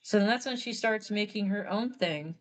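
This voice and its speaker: A woman's voice: mid-range voice, moderate pace. A woman artist on a live stream, explaining story lore in a chatty, rambling way, often correcting herself. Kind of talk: casual live-stream chat.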